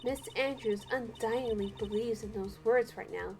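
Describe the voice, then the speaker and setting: A woman putting on a stern male prosecutor who speaks in a deliberate, lowered voice. Each line is measured and probing, slow in pace. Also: darkish tone. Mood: explaining. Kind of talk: let's play voice reading.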